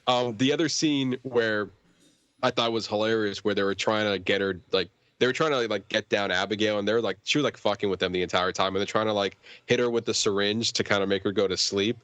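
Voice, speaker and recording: A man's voice: fairly low pitch, fairly quick, fairly bright tone, clean tone, dry recording. A man chatting casually in a movie review podcast, rambling with many fillers and restarts. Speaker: podcast host or guest.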